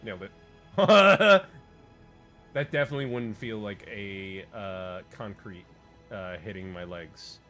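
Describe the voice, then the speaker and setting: A man's voice: lowish voice, slow pace, sharp tone, faint music behind. A man chatting casually on a gaming stream, rambling and joking with lots of fillers and restarts.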